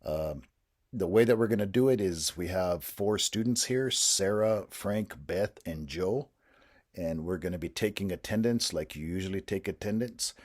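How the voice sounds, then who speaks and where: A man patiently explaining a language lesson to teachers in a measured, instructional way. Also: deep voice.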